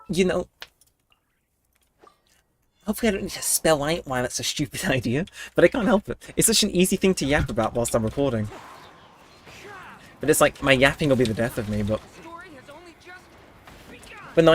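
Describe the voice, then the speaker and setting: A man's voice: fairly high pitch, animated, moderate pace, long pauses, a little hiss or hum. Chatty guy streaming. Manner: rambling, chatty, laughs often, talks to chat. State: cold coming on. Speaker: livestreamer. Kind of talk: casual live-stream chat while gaming.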